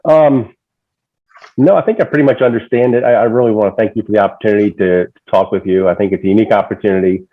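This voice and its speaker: Fast-talking man on a tinny phone line. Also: on the low side, fairly even intonation. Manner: earnest, with frequent restarts. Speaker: interim fire chief candidate. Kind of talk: remote interview answers.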